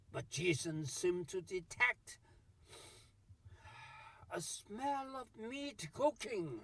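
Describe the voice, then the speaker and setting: A man tells an old story in a theatrical way and speaks straight to his audience. His voice is high and swings widely in pitch, with a gravelly, husky grain. He talks very slowly into a close, dry mic. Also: big pitch swings, no echo. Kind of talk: storytelling narration.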